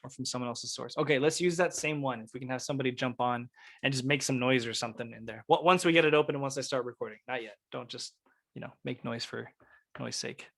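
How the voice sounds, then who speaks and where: A man teaching a music production workshop over a video call, explaining technical details in a relaxed, casual way with plenty of fillers. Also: medium pitch, fast, gravelly.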